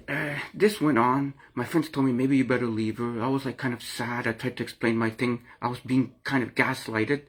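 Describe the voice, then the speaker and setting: Man, middle-aged, husky, mid-pitched, earnest, rambling, repetitive, personal vlog. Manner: rambling and repetitive, restarting phrases; earnest and emotional. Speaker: vlogger sharing personal experience. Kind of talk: personal confessional talk to camera.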